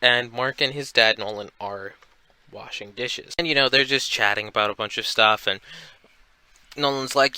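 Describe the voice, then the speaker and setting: A man's voice: mid-range voice, normal speed, sharp tone, clear, resonant tone, poor audio. A young man casually recapping a comic book, rambling along with plenty of fillers. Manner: rambling, filler-heavy retelling.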